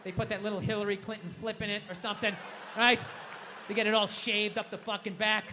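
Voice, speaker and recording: A man doing a stand-up comedy set, ranting loudly with heavy swearing and shouted impressions. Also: high voice, flat delivery, quick pace, long reverb tail, a little hiss or hum. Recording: live club with audience laughter. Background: crowd laughing.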